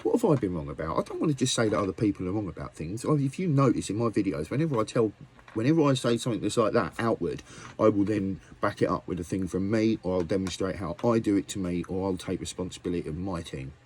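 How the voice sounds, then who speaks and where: A man's voice: deep voice, animated, fast, darkish tone, a little hiss or hum. A man ranting angrily at his viewers, swearing often and firing off rhetorical questions. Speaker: musician vlogger. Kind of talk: angry rant to camera.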